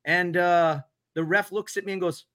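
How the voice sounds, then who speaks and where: A man's voice: sits high, steady tone, moderate pace, sharp tone. A man co-hosting a podcast, telling a self-deprecating paintball story in a casual way. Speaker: podcast co-host and paintball player.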